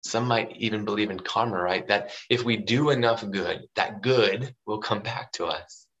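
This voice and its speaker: A man's voice: on the low side, moderate pace, a bit bright, dull audio. A man preaching a sermon in a loose, conversational way, often checking in with the listener. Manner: conversational, full of fillers like "you know" and "right".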